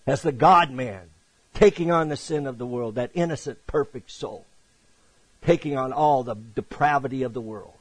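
A man preaching a sermon. He reads scripture aloud, rising to loud emphatic peaks and then dropping to hushed, low passages. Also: normal speed, breathy edge, no room sound, rough recording.

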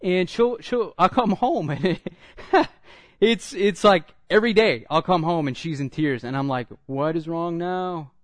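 Animated male pastor preaching. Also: sits high, a little slow, no room sound, studio quality. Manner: animated storytelling, acts out dialogue, rises when excited. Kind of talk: sermon.

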